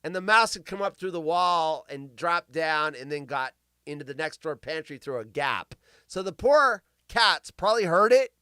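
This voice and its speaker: A man's voice: a little high, sharp tone, clean tone, no echo, studio quality. A male host telling crude, self-mocking stories and riffing on the news on a live comedy show.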